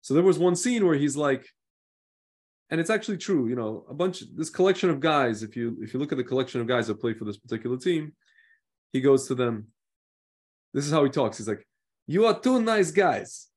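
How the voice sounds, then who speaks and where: A man co-hosting a podcast, telling stories in lively casual chat and slipping into mimicked accents. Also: mid-range voice, a little fast. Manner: animated storyteller, mimics accents with laughter. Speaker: podcast co-host.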